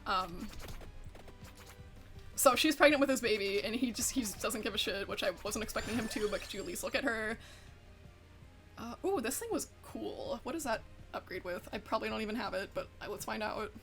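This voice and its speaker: Over faint music, a young adult woman VTuber talks a little fast in a fairly high, fairly bright voice. She chats casually and animatedly while gaming, swearing freely and using "like" often.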